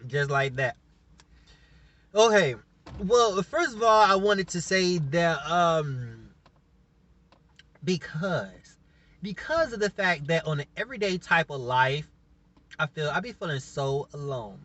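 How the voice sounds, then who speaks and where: A man's voice: fairly high pitch, lively intonation, slow, pauses often, a bit bright, lo-fi sound. A man casually reviewing a reality show on his vlog, rambling, laughing often and openly emotional.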